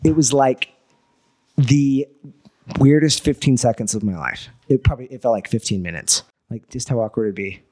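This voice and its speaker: At a normal speed and medium pitch, this man, a guest entrepreneur, spins a casual story full of swearing. He gets animated and performs the quoted lines of dialogue himself.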